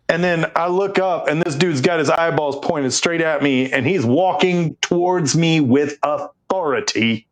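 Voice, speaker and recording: A man's voice: a little high, moderate pace. A man co-hosting a podcast, telling a casual anecdote and acting out the people in it. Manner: animated storyteller, acts out quoted voices. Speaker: podcast co-host. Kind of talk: casual chat, storytelling.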